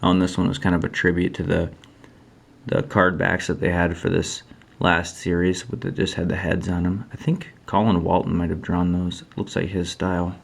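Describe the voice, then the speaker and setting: A man with a low, gravelly voice walks through his trading card sketches in a relaxed show-and-tell. He rambles and thinks aloud, often pausing to criticize his own work.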